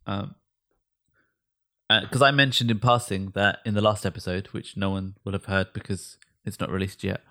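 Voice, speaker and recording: A man's voice: lowish voice, steady tone, normal speed, sharp tone. Sarcastic swearing podcaster guy. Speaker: podcast co-host. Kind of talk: casual chat with swearing and sarcasm.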